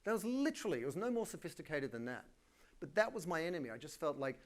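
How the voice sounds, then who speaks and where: An Australian man in middle age delivers a conference keynote with a slightly high-pitched voice. He talks in an energetic, colloquial way and pokes fun at himself as he goes. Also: fast. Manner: energetic, colloquial, self-deprecating. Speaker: keynote speaker. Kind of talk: live conference talk.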